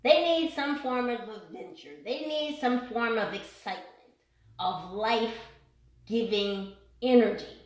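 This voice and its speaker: A woman's voice: on the high side, measured pace. Chatty woman, echoey room. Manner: chatty, joking, swears freely, laughs often. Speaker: tarot reader. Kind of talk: casual tarot reading vlog.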